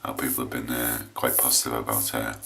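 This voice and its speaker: An English man with a low voice chatting casually while he shaves on camera, rambling and hesitant with lots of restarts. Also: flat delivery, fast, pushed and bright, slight background noise. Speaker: shaving vlogger.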